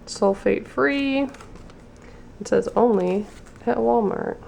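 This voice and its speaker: A woman hosting a casual unboxing vlog, her voice worn and gravelly as she loses it. She chats along easily and slows down to read product labels aloud, at a middle pitch. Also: darkish tone, a little hiss or hum. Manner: chatty, reads labels aloud slowly. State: losing her voice. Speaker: beauty vlogger.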